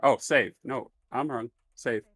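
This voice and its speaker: A man's voice: medium pitch, a little slow, a bit bright. A man running a tabletop game as game master, describing the scene in a laid-back, easygoing way with plenty of fillers.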